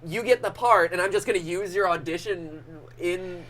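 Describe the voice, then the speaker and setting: A young adult man hosting a casual live-stream interview, asking eager, quick-fire questions. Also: high-pitched, fairly bright tone, low-quality recording. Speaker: host.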